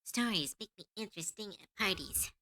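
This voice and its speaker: A woman streaming live from her desk. She chats casually as she draws, musing aloud and giggling often. Her voice is very bright and sharp, and her pitch swings widely. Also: expressive, brisk. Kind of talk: casual live-stream chat while drawing.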